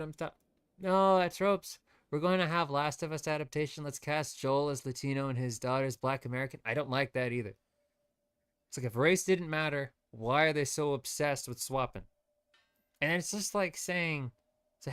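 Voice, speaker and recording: A man's voice: on the high side, moderate pace, fairly bright tone, smooth. A man streaming gameplay, ranting with strong opinions in loose, rambling commentary. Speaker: VTuber streamer.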